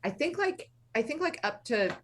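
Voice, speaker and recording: A woman's voice: fairly high pitch, big pitch swings, normal speed, a bit bright, a little hiss or hum. A woman playing a tabletop game, rambling and hesitant with many fillers. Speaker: player. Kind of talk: casual tabletop game chat.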